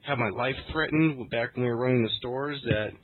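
A man's voice: mid-range voice, fairly quick. A man co-hosting a casual podcast chat, with a wry, joking manner. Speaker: podcast co-host. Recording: tinny phone-like sound.

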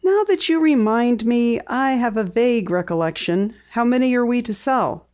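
A woman's voice: on the high side, lively intonation, normal speed, darkish tone, voice pushed up, lightly acted. A woman reading an audiobook, voicing an eager, persistent teenage girl sleuth who presses with questions. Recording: dull lo-fi audiobook recording.

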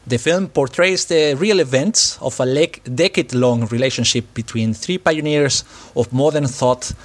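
A man hosting a casual film podcast who pauses often with fillers. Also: medium pitch. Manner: hesitant, lots of uh fillers. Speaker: podcast host.

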